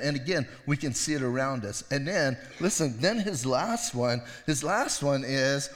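A man's voice: mid-range voice, expressive, normal speed, hardly any pauses, fairly bright tone, in a large hall. A middle-aged male pastor giving a sermon, retelling the story in a casual, conversational way with acted voices.

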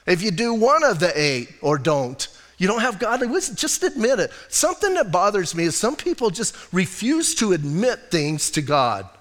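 A man's voice: high voice, big pitch swings, normal speed, hardly any pauses, a bit bright, long reverb tail. A middle-aged man preaching a conversational sermon, joking and candid about his own faults. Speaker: pastor.

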